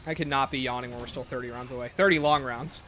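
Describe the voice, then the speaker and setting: Playing a zombie shooter on stream, a young man banters loosely with viewers, rambling and cracking jokes. His mid-range voice holds a steady tone, fairly bright, and he speaks quickly against slight background noise.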